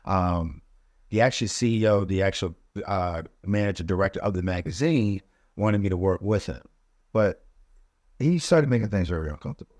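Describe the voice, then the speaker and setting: Lively-voiced man telling his story. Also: deep voice, moderate pace, dry recording, clean studio sound. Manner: loose and conversational, many "you know" asides. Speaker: podcast guest. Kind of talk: casual personal storytelling.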